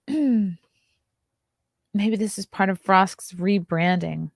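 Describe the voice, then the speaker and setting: Speaking very slowly in an expressive, gravelly mid-range voice, this woman hosts a morning livestream show. She chats casually, reads out headlines with sarcastic asides, and now and then drops to a whisper, all in a dry, clean studio recording.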